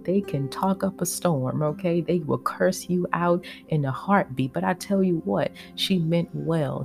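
Low gravelly woman telling family memories. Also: unhurried, mellow, soft background music. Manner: reflective, emotional, heavy on "you know" and "uh". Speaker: podcast host. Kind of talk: personal storytelling podcast.

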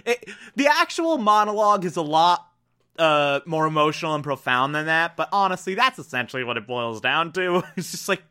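A man's voice: a little high, big pitch swings, moderate pace, sharp tone, clear, resonant tone. A man recapping a TV episode in a casual way, often breaking into laughter and swearing freely. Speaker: TV episode reviewer.

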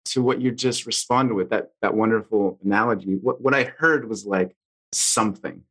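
A man's voice: on the low side, normal speed, fairly bright tone, breathy edge, poor audio. A man hosting a podcast, who talks in a rambling, hesitant way with many fillers during a casual interview. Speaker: podcast host.

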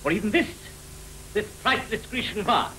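A man playing a flustered, excitable old museum curator in an old comedy film. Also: sits high, moderate pace, pitched above the performer's own voice, poor audio. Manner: excitable, exclaiming. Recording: archive film soundtrack with faint hiss.

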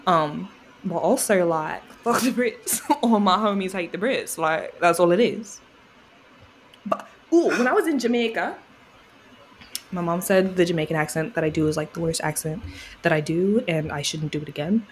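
A woman's voice: lowish voice, moderate pace, slight background noise. A woman co-hosting a podcast in casual chat, playful and teasing, jumping between topics. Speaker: podcast co-host.

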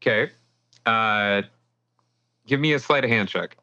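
Game master, male, lowish voice but bright and edgy, loose filler-heavy narration, muffled recording. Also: measured pace. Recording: dull lo-fi audio.

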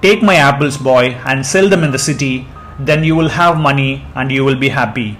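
A man voicing a gentle, generous female apple tree in a storybook reading, soft and apologetic. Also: mid-range voice, brisk, soft background music, natural voice.

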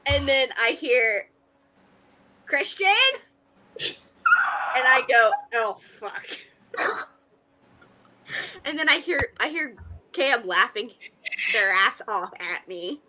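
A woman with a fairly high, bright, sharp voice, co-hosting a casual podcast. She tells stories with animated energy, acts out the other voices and swears freely. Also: slow pace, pauses often, rough recording. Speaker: podcast co-host. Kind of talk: casual chat, storytelling.

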